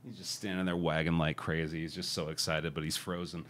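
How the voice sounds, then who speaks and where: A man's voice: low voice, level tone, fairly quick, a bit bright. A man streaming a video game from home, laid-back and cursing as he reacts aloud. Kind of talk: casual live-stream gaming commentary.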